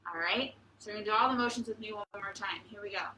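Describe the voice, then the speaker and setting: A woman leading a preschool storytime as librarian, reading aloud and singing with a cheerful, animated manner. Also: medium pitch, quick pace, reverberant, a little hiss or hum. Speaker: children's librarian. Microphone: fixed camera.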